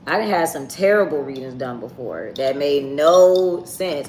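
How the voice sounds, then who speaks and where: A woman's voice: low voice, animated, moderate pace, hardly any pauses, darkish tone. Blunt, chatty woman tarot reader. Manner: casual, blunt, chatty with viewers. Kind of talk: live tarot reading stream. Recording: echoey room with faint ambient noise.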